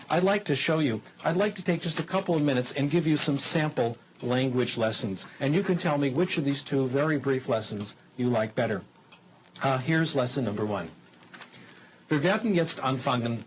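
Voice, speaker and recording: A man lecturing on how people acquire language for a television audience, teaching in a lively, demonstrative way with rhetorical questions and stretches of simple, slow German. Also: a little high, a little hiss or hum, low-quality recording.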